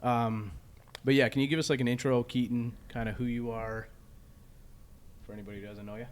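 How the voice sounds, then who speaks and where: A man hosting a podcast, chatting casually with a guest at a golf venue, with relaxed, filler-heavy talk. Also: mid-range voice, brisk, a little hiss or hum. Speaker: podcast host. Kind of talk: casual chat.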